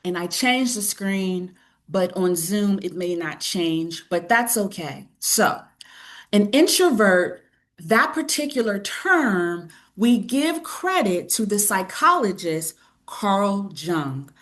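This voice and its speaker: A woman hosting a webinar over a video call, speaking in a calm, enthusiastic teacher voice and often repeating herself. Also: mid-range voice. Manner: slow, calm, repeats phrases. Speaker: webinar host. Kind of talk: guided breathing and lecture.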